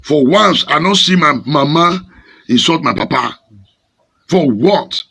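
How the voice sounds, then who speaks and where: Fiery, gravelly Nigerian pastor. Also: male voice, fairly high pitch, animated, measured pace, pushed and bright. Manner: fiery, scolding, dramatic. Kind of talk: preaching sermon in Pidgin English.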